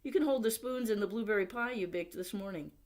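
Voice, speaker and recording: A woman's voice: mid-range voice, fast talker, darkish tone, close to an everyday voice. A woman reading the lines of an eager, stubborn shoemaker in a storybook, with an exclaiming manner.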